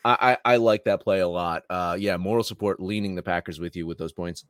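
A man co-hosting a sports betting podcast, halting and full of fillers, swearing casually as he talks. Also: deep voice, fairly even intonation, clear, resonant tone, no room sound, studio quality.

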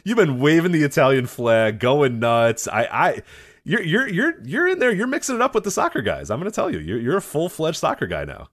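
A man's voice: a little high, huge pitch swings, brisk, fairly bright tone. Podcast guy ribbing his cohost, laughs a lot, voice swings up and down. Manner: teasing, laughing often. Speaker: podcast co-host. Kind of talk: casual podcast banter.

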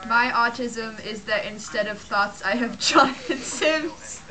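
A woman's voice: fairly high pitch, measured pace, a crowd in the background, poor audio. A woman co-hosting a podcast, chatting casually about a film, with mock-serious irony and frequent laughs. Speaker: podcast co-host. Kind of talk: casual chat reacting to a film. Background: film music playing.

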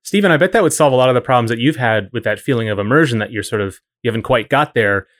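Guy on a podcast talking quick, thinking out loud, mid pitch. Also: lively intonation. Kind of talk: casual podcast chat.

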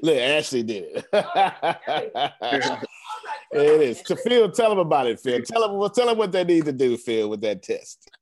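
A man's voice: fairly high pitch, big pitch swings, measured pace, darkish tone. A man hosting a group video call, enthusiastic and emphatic, repeating his phrases and laughing often. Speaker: host of a coaching group call.

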